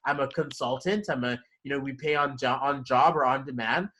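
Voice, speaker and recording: A man giving a casual one-on-one numerology reading, animated and quick to laugh. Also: medium pitch, poor audio. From Canada. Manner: animated, laughs often, acts out inner voices. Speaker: numerology consultant.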